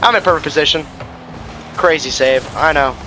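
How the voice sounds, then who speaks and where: Male streamer, lively high-ish voice, hype and mocking, music under him. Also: normal speed. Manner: excitable trash talk with sudden shouts. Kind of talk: live ranked gameplay commentary.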